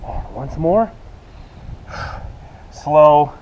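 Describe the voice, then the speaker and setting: A man's voice: on the high side, drawn-out words, pauses often, warm tone, dull audio, a little hiss or hum. Breathless man coaching a workout. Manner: cueing moves and counting reps while exercising. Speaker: fitness instructor.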